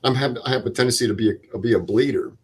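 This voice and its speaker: An older veteran guest with a mid-range, slightly rough voice talks fast in an interview, recounting a vivid war story step by step and acting out the dialogue.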